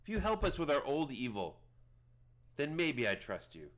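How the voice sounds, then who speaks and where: A man voicing a stern, distrustful female fish-folk shaman who gives drawn-out, dramatic warnings. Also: on the high side, wildly swooping pitch, a bit bright, voice pushed up.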